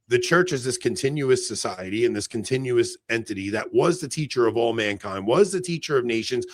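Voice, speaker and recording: A man with a New York accent co-hosting a podcast, talking in an animated, excitable way and swearing freely. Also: mid-range voice, no echo. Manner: animated, excitable, cursing, quick laughs. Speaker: podcast co-host. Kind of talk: casual podcast chat.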